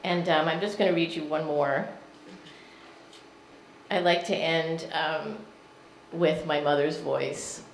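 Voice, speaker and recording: A woman's voice: low-pitched, steady tone, vocal fry, slight background noise. Woman reading poetry in an echoey lounge. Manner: slow, measured reading with chatty asides. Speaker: poet. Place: lounge with live audience. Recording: echoey room.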